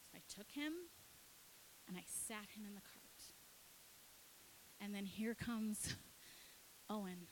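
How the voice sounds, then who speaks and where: A woman's voice: medium pitch, noisy background. Woman pastor telling a family story. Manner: animated, acts out her kids and herself in quick dialogue. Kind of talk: sermon storytelling.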